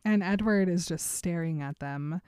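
A woman's voice: on the low side, normal speed, dark tone, smooth, no room sound, clean studio sound. A woman co-hosting a casual chat, retelling a book's scenes and reading quotes aloud with frequent giggles. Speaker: podcast co-host recapping a book.

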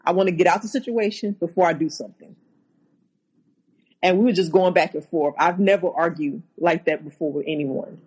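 A woman, a guest on an interview show, recounting a personal story haltingly, with many restarts. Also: fairly low pitch, a little mellow, husky, low-quality recording.

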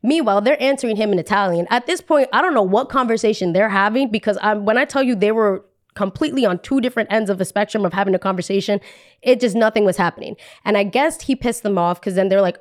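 A young woman hosting a podcast, telling a story in a casual, animated, chatty way. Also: mid-range voice, fast talker. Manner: animated, chatty, heavy use of "like". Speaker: podcast host.

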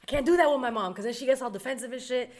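A young woman casually telling a story, animated and profane, acting out her mother's lines. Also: sits high, rapid-fire.

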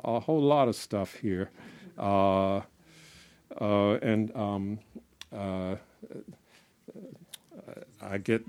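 A man from Boston, a storyteller chatting casually to a live audience in a rambling, halting way with lots of fillers and restarts. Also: fairly low pitch. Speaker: storyteller, performer.

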